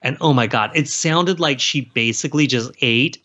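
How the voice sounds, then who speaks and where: A man chats as a guest in a casual interview, rambling and animated, piling up fillers and restarts. His voice sits at an ordinary middle pitch. The sound is a little dull and lo-fi. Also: moderate pace. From South Carolina. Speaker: author guest.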